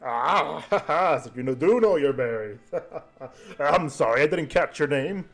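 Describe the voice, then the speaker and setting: A man voices a cocky little gnome in a tabletop game. He chatters on in a higher, bouncy voice, bragging and friendly. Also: lively intonation, unhurried, a bit bright, soft background music. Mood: chatty. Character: cocky cheerful male gnome, berry juice fan.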